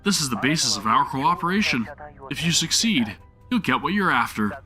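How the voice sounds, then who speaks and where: A man voicing a cold, calm stranger who makes threats, reading game dialogue aloud. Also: a little high, a little fast, over music.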